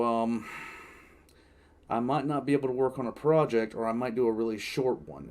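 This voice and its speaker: A man hosts a reaction video in a relaxed, rambling chat. He fills pauses with "um" and drifts from one point to the next. His voice is mid-pitched. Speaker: reaction channel host. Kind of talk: casual chat.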